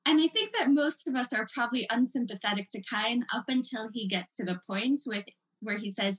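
A woman teaching a text study lesson in an animated, explanatory way, stressing key points. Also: a little high, a little fast, poor audio.

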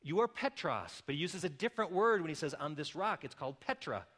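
Bright-voiced preaching man. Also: on the high side, very animated, fast talker. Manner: builds from quiet explaining to loud emphatic calls. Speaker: pastor. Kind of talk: sermon.

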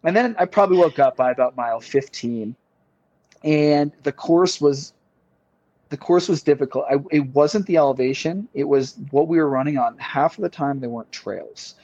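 A man's voice: a little high, normal speed, dark tone, no room sound. A man as a podcast guest, telling a long story in a casual, rambling way with many fillers and repeated words. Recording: slightly dull lo-fi sound.

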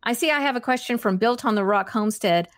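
A woman's voice: on the high side, quick pace, no room sound, clean studio sound. A woman hosting a live stream, answering chat questions in a casual, chatty way, laughing often and restarting her sentences. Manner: chatty, giggly, self-deprecating, many fillers and restarts.

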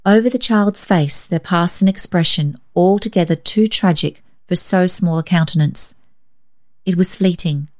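A woman narrating a children's story in a measured, gentle reading. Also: fairly low pitch. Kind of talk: scripted narration.

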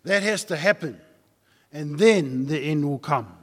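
A pastor preaches a sermon in a church hall, telling a story loosely and conversationally while pressing listeners with repeated rhetorical questions. His fairly high, expressive voice moves a little slowly, and the hall adds long reverb.

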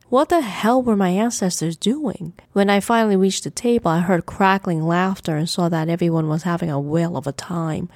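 Woman, storyteller, low voice, dry close sound, calm dry humor. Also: moderate pace, hardly any pauses, no room sound. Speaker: author and narrator. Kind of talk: first-person story narration.

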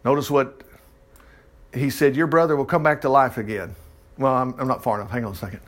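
A man teaching from the Bible in a folksy, animated way, breaking in with his own exclaimed asides, then praying. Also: medium pitch, brisk. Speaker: preacher. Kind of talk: informal Bible teaching and prayer.

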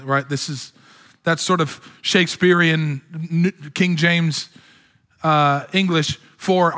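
A man's voice: fairly high pitch, slow, pushed and bright. A man preaching a sermon as pastor, with impassioned delivery that climbs to exclamations. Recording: long hall reverb.

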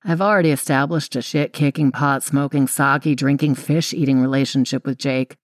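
A woman's voice: a bass voice, fairly even intonation, moderate pace, no room sound, clean studio sound. A young woman reading a first-person audiobook in a wry, confiding way. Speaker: audiobook narrator.

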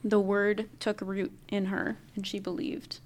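A woman's voice: mid-range voice, little pitch movement, a little slow, a little mellow. A woman guest on a talk show, speaking thoughtfully and a bit hesitantly. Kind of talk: casual chat.

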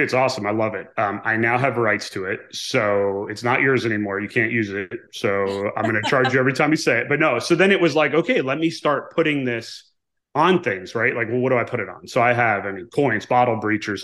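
A man in his forties tells a long story at a middle pitch. He brings the people in it to life by acting out their lines, and he keeps checking in with his listener. His delivery is casual and animated. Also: a little fast. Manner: animated storyteller, acts out quoted dialogue, frequent "right?". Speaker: guest, author and former navy pilot.

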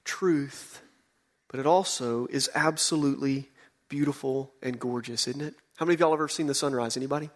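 A pastor in his forties with a drawl delivers a sermon woven around a personal story. His voice sits a little high for a man, and he brings the tale to life by lifting his pitch for the voices of the people in it. He moves between quick, excited stretches and slow, weighty Scripture. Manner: animated storyteller, voices quotes with rising pitch.

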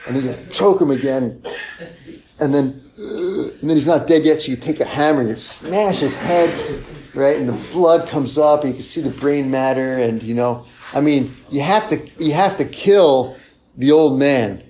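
A man preaching a sermon in a conversational way, often checking in with "right?" and acting out confessions in a softer voice. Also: medium pitch, moderate pace.

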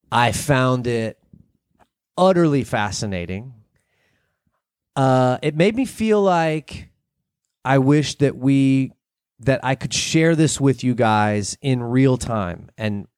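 A man co-hosting a casual podcast, talking in loose, rambling runs. He often breaks off into a laugh and hops from one thought to the next. His voice sits in a middle pitch, recorded dry and close to the mic. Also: darkish tone, no echo. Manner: rambling, laughs mid-sentence, jumps between thoughts. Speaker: podcast co-host. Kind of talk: casual chat.

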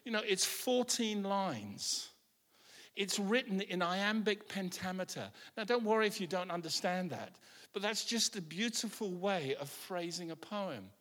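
A man's voice: sits high, expressive, unhurried, fairly bright tone. A man preaching a sermon with passion, often repeating his words as he starts a line. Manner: impassioned, repeats words when starting lines. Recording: echoey hall.

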